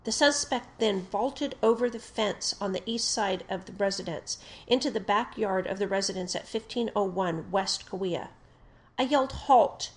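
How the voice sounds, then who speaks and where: A woman reading an official police report aloud in a steady, formal narration. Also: medium pitch, moderate pace, few pauses. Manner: steady, formal delivery that gets louder on quoted shouts.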